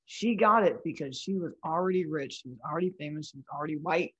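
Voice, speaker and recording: A woman with a breathy, weak voice, talking frankly as a guest in a casual interview. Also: low voice, fast, a bit bright, highs cut off. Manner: frank, talks in restarts and lists. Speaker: comedian guest.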